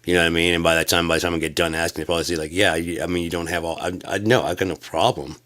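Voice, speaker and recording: A man talking in a rambling, casual rant, halting with many restarts and sudden profane outbursts. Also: level tone. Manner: profane, loud bursts of high-pitched exclamation. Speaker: vlogger.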